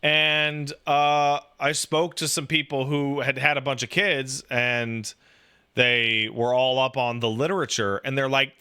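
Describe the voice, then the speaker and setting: A man in his thirties chatting casually about raising a baby, profane and animated, full of "like" and restarts. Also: medium pitch, measured pace, clear, resonant tone. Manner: profane, animated storytelling with lots of "like". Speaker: podcast talker, new father. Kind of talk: casual chat.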